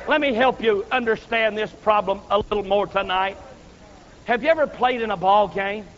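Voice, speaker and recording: A man preaching a revival sermon under a tent, telling stories with fervor and building to loud peaks. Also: high-pitched, normal speed, big-room sound, lo-fi sound. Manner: impassioned storytelling preacher, rising to loud peaks.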